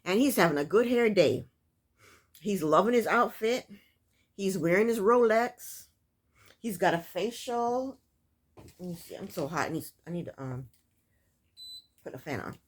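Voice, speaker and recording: A woman's voice: mid-range voice, lively intonation, measured pace, long pauses, husky. A woman recapping a reality TV episode in casual, opinionated commentary, talking straight to her viewers. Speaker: TV recap vlogger.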